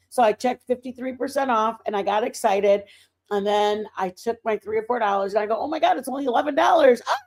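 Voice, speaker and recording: A woman hosting a livestream, telling faith stories in a casual, animated way and breaking into excited outbursts. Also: medium pitch. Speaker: livestream host.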